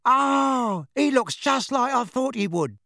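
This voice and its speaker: A man's voice: high-pitched, sing-song, normal speed, gravelly, a bit bright, dry recording, studio quality, pitched above the performer's own voice, heavily acted. Chirpy young witch, as a man puts her on. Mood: cheerful. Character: lively young witch, cheerful and bold. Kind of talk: audiobook reading.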